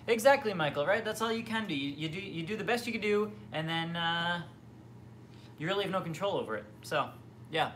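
Standing near the fridge in his home kitchen, a young livestream host answers viewers' comments in rambling casual chat packed with fillers and restarts. He sounds high, expressive and a bit bright, speaking briskly, with a little hiss or hum in the audio.

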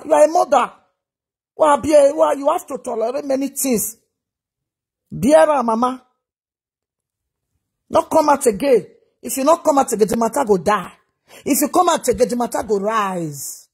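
Nigerian woman on a reaction vlog, kinda husky, preachy, keeps repeating herself. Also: fairly high pitch, darkish tone. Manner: preachy, repeats her advice. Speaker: commentator.

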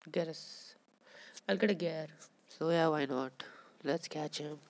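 A woman's voice: low voice, unhurried, a little mellow. A woman giving casual commentary over her own gameplay, chatting with viewers and scolding the fish on screen.

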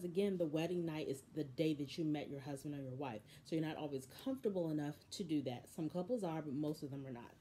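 A woman hosting a casual recap of a reality show, telling the story in an animated, opinionated way. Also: low-pitched, a little hiss or hum.

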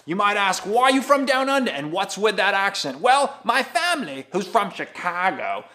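A man's voice: sits high, big pitch swings, moderate pace, bright, forceful tone. A man with an Appalachian accent giving a jokey driving-conditions vlog from his car, sprinkling in mock Aussie slang. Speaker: vlogger giving road reports.

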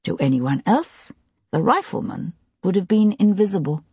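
A woman narrates an audiobook steadily and evenly at a moderate pace. Her low, slightly husky voice is recorded close and dry on the mic.

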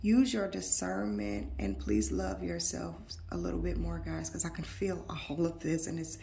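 A woman giving an intuitive tarot reading to her viewers, earnest and emotional, with slow, emphatic affirmations. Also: low-pitched, lively intonation, gravelly, warm tone, echoey room, a little hiss or hum. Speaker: tarot reader.

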